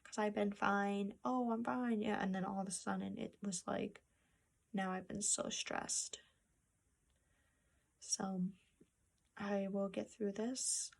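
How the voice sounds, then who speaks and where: Slow, gravelly-voiced young woman vlogging. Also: mid-range voice, little pitch movement. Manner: soft-spoken, halting, with restarts and sad pauses. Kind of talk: personal vlog to camera. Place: home room with a treadmill. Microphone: phone camera.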